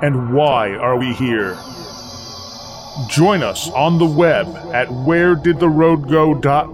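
A man reading a scripted show intro in a measured, deliberate way. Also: mid-range voice. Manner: slow, measured delivery. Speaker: show announcer. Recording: over music. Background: music.

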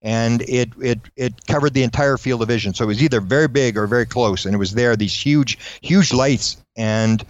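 A man recounting a strange encounter in a lively storytelling style, acting out the voices of the people he quotes. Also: medium pitch, highs cut off. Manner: fast, animated storyteller who acts out quoted voices. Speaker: guest recounting UFO encounters. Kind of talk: anecdotal storytelling.

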